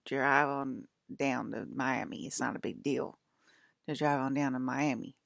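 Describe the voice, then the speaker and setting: A creaky, extremely low-pitched voice belongs to a woman vlogger in her thirties with an American East Coast accent. She speaks a little slowly with fairly even intonation, rambling casually, laughing often and occasionally whispering. The recording is dry.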